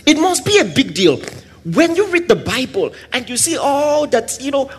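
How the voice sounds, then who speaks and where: Animated high-voiced male preacher. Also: moderate pace. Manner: animated, swings between loud exclamations and soft asides; acts out little scenes with quoted voices and laughter. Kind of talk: sermon.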